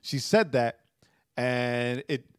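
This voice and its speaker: A man's voice: mid-range voice, slow, clean tone, dry recording, studio quality. A man, a pastor co-hosting a podcast, telling a personal story with feeling and tagging his lines with "right?". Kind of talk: casual conversation.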